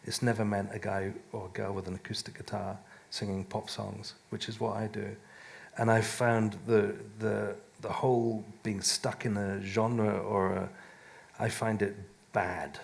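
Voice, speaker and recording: Gravelly-voiced man rambling on a panel. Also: lowish voice, flat delivery, a little slow. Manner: rambling, self-interrupting, laughs often. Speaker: musician and author on a panel. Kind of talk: casual panel talk. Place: live event stage.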